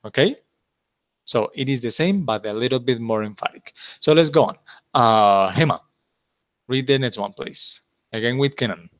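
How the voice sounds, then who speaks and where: A male English teacher at a mid-range pitch, talking his students through a grammar point with patient, careful explanations. His voice is close and dry, with almost no room sound. He keeps stopping to check whether everyone is following. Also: normal speed, no room sound. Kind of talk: online class instruction.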